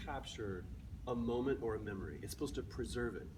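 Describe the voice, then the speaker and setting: A man's voice: medium pitch, fairly quick. A man in his early forties speaking to a live convention audience, jokey and then earnest. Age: early 40s. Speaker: convention panel guest. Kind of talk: live panel talk to an audience. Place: large convention hall. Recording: distant mic in a noisy hall.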